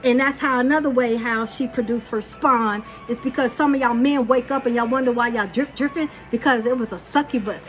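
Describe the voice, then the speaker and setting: A woman's voice: fairly high pitch, brisk, hardly any pauses, soft background music. A woman rambling through a spiritual monologue, blunt and profane, telling a story in a loose, casual way. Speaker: spiritual channeler.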